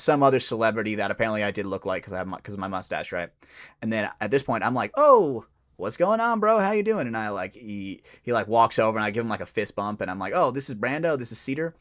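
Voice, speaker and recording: A young man, a podcast co-host, telling a story in casual chat, swearing and acting out the people he quotes. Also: lowish voice. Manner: animated, swearing, acts out quoted voices.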